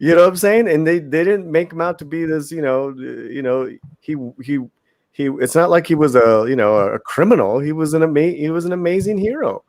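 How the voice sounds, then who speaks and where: A man's voice: fairly high pitch, lively intonation, brisk, a little mellow, no echo. Hesitant man, dry sound. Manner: hesitant, many fillers. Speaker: panelist. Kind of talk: roundtable review chat.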